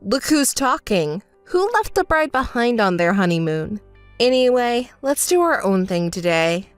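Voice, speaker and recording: A woman's voice: a little high, sing-song, unhurried, clear, resonant tone, no room sound, soft background music. A woman reading the bride's messages aloud in a text story, scolding and indignant. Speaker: narrator voicing the bride.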